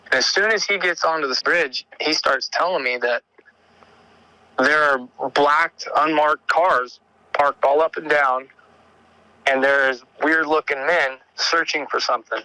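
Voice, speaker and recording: A man's voice: fairly high pitch, no room sound, rough recording. A man calling in to tell a story in casual, rambling speech, restarting his sentences often and growing urgent as the events unfold. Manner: rambling, halting, with frequent restarts and fillers; grows excited and urgent as the story builds. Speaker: caller telling an encounter story.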